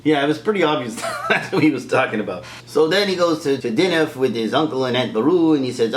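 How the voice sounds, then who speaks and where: A man's voice: fairly high pitch, moderate pace, echoey room. A man recapping a film as comedy, jumping into silly impressions and laughing at his own jokes. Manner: animated, mocking, laughs at own jokes, slips into voices.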